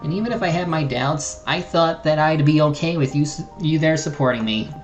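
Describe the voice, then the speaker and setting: A streamer voicing a soft-hearted, forgiving young woman paladin and healer, reading game dialogue aloud with stumbles and restarts. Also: deep voice, fairly quick, faint music behind, lightly acted. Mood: tender.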